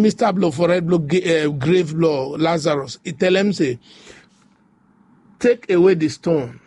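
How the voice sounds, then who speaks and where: A man's voice: sits high, a little mellow. A man preaching a devotional sermon, repeating phrases in a rhythmic, rising way. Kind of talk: devotional sermon in pidgin English.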